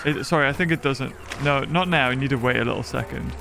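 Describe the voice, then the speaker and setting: A man's voice: medium pitch, fast talker, vocal fry, noisy background. A British man hosting a casual let's-play, playful and giggly. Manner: giggly, playful, often laughing. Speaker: gaming channel host. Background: game music.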